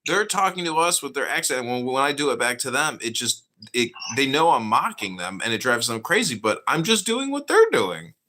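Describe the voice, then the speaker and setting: A man hosting a podcast in casual chat, animated and mocking, often slipping into put-on voices. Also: mid-range voice, brisk. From United States. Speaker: podcast host.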